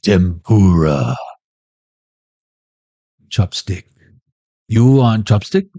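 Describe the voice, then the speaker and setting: A man's voice: sits low, lively intonation, very slow, mellow, no room sound. A young man riffing off the cuff, rambling and joking with plenty of swearing. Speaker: tarot reader and streamer.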